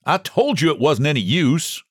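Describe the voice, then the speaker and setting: A man doing a blunt shouting countryman. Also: a little high, big pitch swings, normal speed, slightly rough, no room sound, clean studio sound, voice pushed up. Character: gruff countryman, blunt and impatient.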